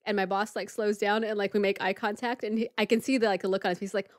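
A woman podcast co-host tells a story in casual chat, sprinkling in fillers and acting out the people in it. Her voice sits at a mid pitch. The recording is dry and close, with no room echo. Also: fairly even intonation, fast talker.

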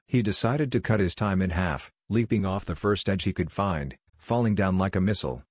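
A man narrating a fan-fiction story in a steady, descriptive read. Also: low voice, husky, dry recording, clean studio sound.

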